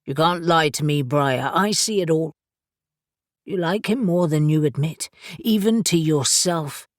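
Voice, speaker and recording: A woman's voice: low-pitched, a little slow, no room sound, clean studio sound. A woman narrator voicing a blunt young man who teases and goads his friend with certainty. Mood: determined, teasing. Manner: blunt, goading.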